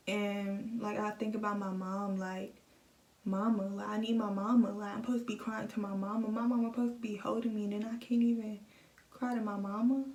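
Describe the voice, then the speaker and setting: A young woman vlogging a personal story into her phone, emotional and halting, often repeating herself. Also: medium pitch, flat delivery, darkish tone. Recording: echoey room, phone set at a distance.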